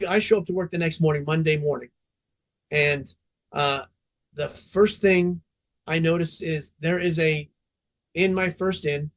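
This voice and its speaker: Blunt, cursing middle-aged man. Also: a little high. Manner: emphatic, profane, blunt. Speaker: fire department veteran guest. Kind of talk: casual podcast storytelling.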